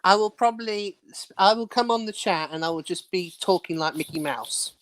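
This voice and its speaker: A man's voice: high-pitched, normal speed, a bit bright, rough recording. A man guesting on a fan show call, playful and stammering as he talks. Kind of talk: casual chat.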